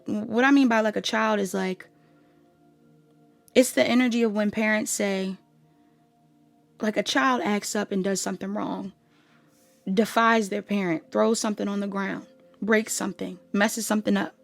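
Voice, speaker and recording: Woman doing a pick-a-card tarot reading, kinda raspy fry in her voice, rambly, lots of "like", soft music underneath. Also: medium pitch. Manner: casual, rambling, heavy use of "like". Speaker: tarot reader.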